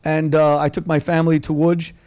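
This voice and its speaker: A man's voice: fairly high pitch, flat delivery, a little fast, darkish tone, clean tone. A man hosting a public discussion, giving a passionate, rhetorical introduction and sometimes repeating words. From United States. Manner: impassioned, rhetorical, stumbles over repeats. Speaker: host. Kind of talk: event introduction speech.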